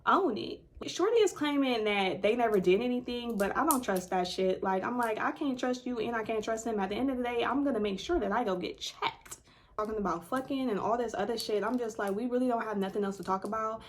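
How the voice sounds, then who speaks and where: A woman's voice: fairly high pitch, a little fast. A woman casually telling a personal story to her viewers, blunt and heavy on profanity. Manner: blunt, profane, animated retelling. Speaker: storytime vlogger.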